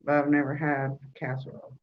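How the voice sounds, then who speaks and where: A woman's voice: low-pitched, level tone, brisk. A woman with a Southern US accent hosting a casual live podcast chat, talking easily and laughing often as she answers viewers. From Alabama. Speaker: podcast host. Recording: dull lo-fi livestream audio.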